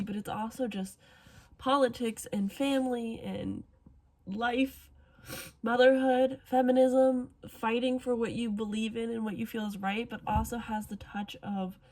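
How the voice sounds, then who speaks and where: A young woman in her twenties chatting casually in a reading vlog, excitable and gushing, laughing often and tearful from crying. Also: fairly high pitch. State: tearful, having just cried. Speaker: book vlogger.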